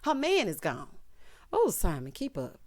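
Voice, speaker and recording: Sassy woman with a lively voice. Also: mid-range voice, a little slow. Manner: sassy, gossipy, addresses viewers as honey and child. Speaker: TV recap vlogger. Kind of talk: casual commentary.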